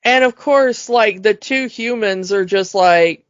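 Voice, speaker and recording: A woman's voice: a little high, slow, dry recording. A woman co-hosting a podcast, chatting casually and retelling film scenes with lots of fillers and laughs. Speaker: podcast co-host. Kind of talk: casual chat about a film. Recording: dull lo-fi dry sound.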